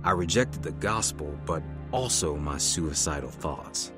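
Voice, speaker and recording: Deep-voiced man narrating over music. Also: expressive, measured pace.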